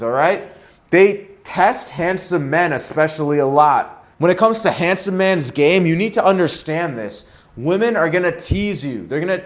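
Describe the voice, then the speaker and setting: A young man coaching on dating in a casual monologue, often tagging his points with "right?" and "okay?". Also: fairly high pitch. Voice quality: ends points with "right?" and "okay?" tag questions.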